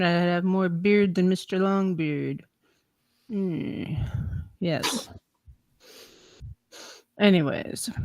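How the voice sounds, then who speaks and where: A woman's voice: fairly low pitch, dry recording. A woman co-hosting a podcast in casual chat, blunt and wry. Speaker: podcast co-host.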